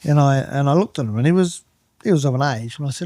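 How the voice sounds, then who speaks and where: A middle-aged man with a New Zealand accent, telling lively stories in a casual chat and acting out the people in them. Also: medium pitch, quick pace, no room sound, clean studio sound. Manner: animated anecdotes, acts out other people's voices. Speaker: guest, turf manager.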